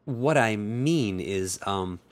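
A man's voice: fairly low pitch, lively intonation, slow. A man voicing a bashful, polite young man in an adult audiobook, speaking tactfully and a little sheepishly.

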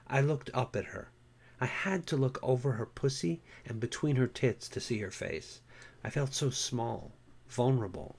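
A man, an author, who chats casually in a wry, relaxed way and then reads his own story aloud. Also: mid-range voice, breathy edge. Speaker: self-published author reading his story.

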